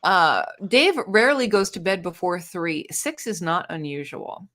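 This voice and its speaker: A woman hosting a casual book livestream, reading viewer comments aloud with quick, bubbly reactions. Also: on the low side, very animated, fairly bright tone. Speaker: book channel host.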